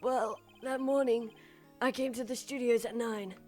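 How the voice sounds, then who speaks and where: A woman putting on a soft-spoken, meek action-hero actor, somewhat high, game music faintly behind. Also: fairly even intonation, measured pace, natural voice. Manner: meek, apologetic. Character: big timid male action-show actor.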